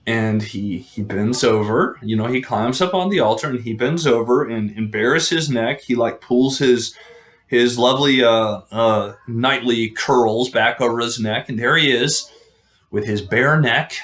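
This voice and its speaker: A man's voice: mid-range voice, measured pace, a bit bright. A man casually retelling an old legend, chatty, full of fillers and joking asides. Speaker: storyteller.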